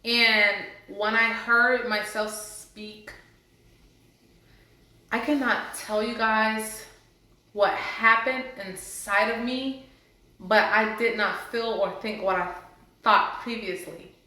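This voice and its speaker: A woman's voice: a little high, steady tone, slow, long pauses, bright, forceful tone. Earnest woman in a very echoey room. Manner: earnest, heartfelt, faith-based encouragement. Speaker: vlogger sharing a personal story. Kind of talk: casual testimony to camera. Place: indoors, sitting before a camera.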